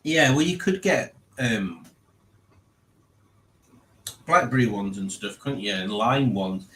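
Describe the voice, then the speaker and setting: A man's voice: fairly low pitch, lively intonation, takes it slowly, fairly bright tone. A man hosting a live stream, reading chat aloud in a chatty, jokey way and laughing often. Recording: roomy echo.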